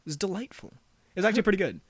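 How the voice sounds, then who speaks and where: A young man co-hosting a podcast, rambling through quick reviews with self-mocking jokes and frequent laughs. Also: sits high, very animated, breathy edge. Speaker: podcast co-host. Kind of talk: casual chat, quick reviews.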